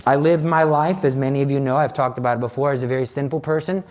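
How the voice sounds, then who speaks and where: A man's voice: mid-range voice, fairly even intonation, quick pace, darkish tone, slight background noise. A man giving a personal faith testimony as a Catholic speaker, telling his story in an earnest, dramatic way.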